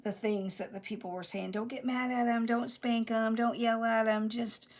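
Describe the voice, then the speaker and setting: A middle-aged woman, chatting casually while she crafts. She rambles with many restarts and drops into soft whispered asides. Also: a little high, level tone, normal speed. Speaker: crafting vlogger.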